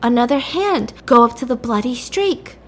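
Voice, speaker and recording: A woman's voice: a little high, lively intonation, normal speed, fairly bright tone. A woman casually retelling a story, chatty, with lots of "like" and "you know".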